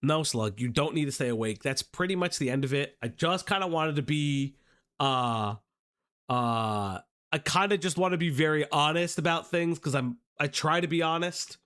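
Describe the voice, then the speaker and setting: Young man, livestream host, casual rambling, swears a lot, high-pitched. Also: moderate pace, fairly bright tone. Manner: rambling, profane, many fillers and restarts.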